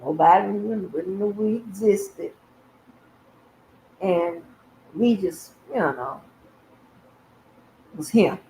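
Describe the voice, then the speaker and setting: A woman's voice: medium pitch, takes it slowly, creaky, long pauses, dark tone, a little hiss or hum. A woman hosting a casual commentary stream, chatty and profane, talking straight to her viewers. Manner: chatty, addresses viewers directly, swears freely. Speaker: commentary channel host. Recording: echoey, slightly muffled room audio.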